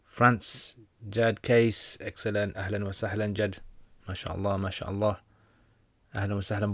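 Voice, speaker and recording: A man hosting a casual livestream Q&A, answering religious questions and reading viewer comments in a relaxed, joking manner. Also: on the low side, a little slow, no room sound.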